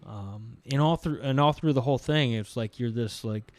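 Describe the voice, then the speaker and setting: A man hosting a casual podcast interview, animated, laughing often and acting out little voices as he talks. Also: mid-range voice, moderate pace, dry recording. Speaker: podcast host.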